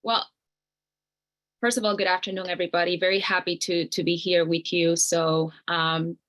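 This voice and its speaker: A woman's voice: lowish voice, flat delivery, moderate pace, fairly bright tone. A woman speaker beginning a short personal story talk, friendly with a few hesitant fillers.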